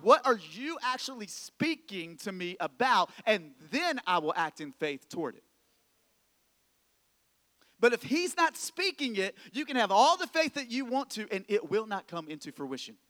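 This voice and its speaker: Preaching to his congregation in a big-sounding room, this pastor has a high, fairly bright voice. His sermon is conversational, packed with rhetorical questions and repeated phrases.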